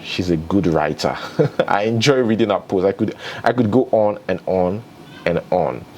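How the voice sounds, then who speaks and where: A man's voice: low voice, expressive, moderate pace, a little mellow, slight background noise. A Nigerian man hosting an entertainment news vlog, chatty and opinionated, who cannot pronounce R. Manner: chatty, opinionated, laughs between remarks. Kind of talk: casual news commentary vlog.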